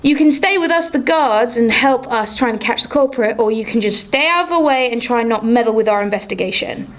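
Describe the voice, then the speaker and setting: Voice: medium pitch, expressive, brisk, lightly acted. A woman voicing a polite but firm town guard in a tabletop game she is narrating. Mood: officious.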